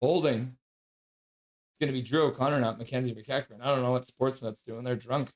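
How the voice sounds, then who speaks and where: A man with a medium-pitched, brisk voice calls a game play by play on a live fan stream at home. Excitable, he cries out at big plays and slips into baby talk with his dog between them.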